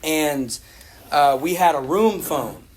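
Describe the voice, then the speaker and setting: Man, recovery meeting speaker, rambling candid storytelling, fairly high voice. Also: expressive, slow pace. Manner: candid, rambling, frequent fillers, laughs at himself.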